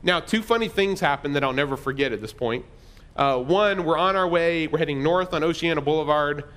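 A man's voice: on the high side, brisk, a bit bright. A middle-aged man pastor telling a personal story in a conversational, self-deprecating sermon.

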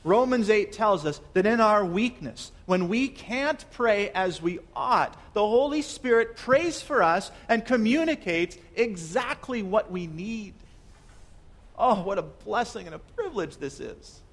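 A young man preaching a sermon, his voice sitting high for a man. He talks earnestly and leans on repeated words and rhetorical questions. He swings from loud emphasis down to soft, hushed lines. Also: expressive, measured pace. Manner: shifts between loud emphasis and soft near-whispers. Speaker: pastor.

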